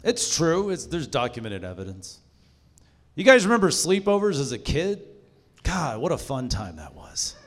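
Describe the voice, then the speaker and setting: A man's voice: on the high side, huge pitch swings, moderate pace. A young man doing a stand-up set in a comedy club, profane and self-mocking as he tells stories. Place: live comedy club stage.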